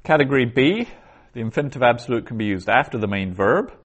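A man giving a methodical grammar lecture, pausing to sound out Hebrew phrases slowly. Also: mid-range voice, expressive, husky. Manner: slow, methodical, reads Hebrew aloud syllable by syllable. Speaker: biblical Hebrew teacher.

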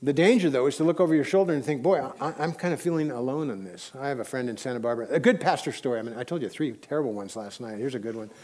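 Male preacher, mid-pitched voice, chatty sermon with bursts of emphasis. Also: lively intonation, rapid-fire, few pauses, darkish tone. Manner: conversational, storytelling, with sudden emphatic rises.

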